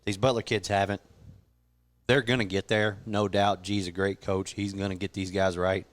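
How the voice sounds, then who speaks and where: A man's voice: deep voice, flat delivery, normal speed. A man co-hosting a sports podcast, making confident picks with joking banter. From Kentucky. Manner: confident, joking, laughs often. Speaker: podcast co-host.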